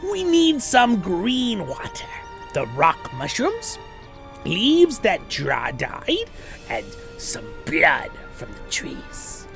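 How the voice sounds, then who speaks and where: A creepy, gravelly little goblin. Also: male voice, high voice, wildly swooping pitch, drawn-out words, music in the background, pitched above the performer's own voice, full character voice. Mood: eager. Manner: broken, childlike phrasing with odd sing-song leaps. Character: creepy little goblin helper, male, wheedling. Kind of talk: voice acting a game character on a livestream.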